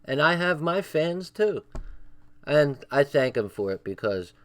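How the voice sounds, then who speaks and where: A man's voice: on the high side, sing-song, unhurried. A man reading a crime book aloud on a livestream, stopping for side remarks, swearing and chuckling, and breaking off to check his chat. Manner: reads with asides, swearing and chuckles.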